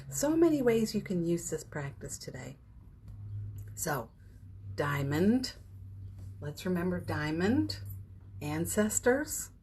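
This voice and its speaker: A woman's voice: on the low side, mellow, slight background noise. A woman hosting a live morning session, talking casually and encouragingly about a spiritual practice, with fillers and little laughs. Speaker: host of a daily live session. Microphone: phone or webcam on a live stream.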